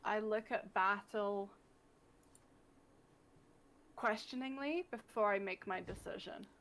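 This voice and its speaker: A woman's voice: mid-range voice, slow, a bit bright. Woman, tabletop player, hesitant, restarts. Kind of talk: casual tabletop game talk.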